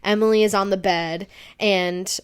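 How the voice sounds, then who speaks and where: A woman's voice: medium pitch, fairly even intonation, a little slow, clear, resonant tone. A young woman co-hosting a podcast, casually telling a long personal story and acting out her own panicked reactions. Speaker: podcast co-host.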